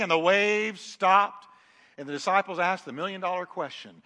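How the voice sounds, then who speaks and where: A male preacher with a high, ringing voice delivers a sermon with strong emphasis. He swings from booming declarations down to hushed asides, and his voice carries a long reverb through a large hall. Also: normal speed. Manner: emphatic, shifts between loud declarations and quiet asides.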